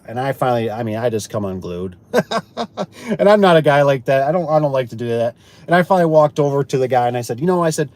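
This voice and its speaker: A man who installs garage doors chats casually and quickly about his jobs in a medium-pitched voice. He animatedly acts out what customers, co-workers and he himself said, often repeating words as he restarts sentences.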